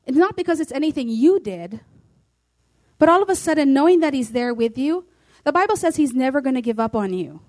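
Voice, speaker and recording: A woman's voice: sits high, animated, a little fast, darkish tone. A woman pastor preaching a sermon, emphatic and declaring, reading scripture aloud.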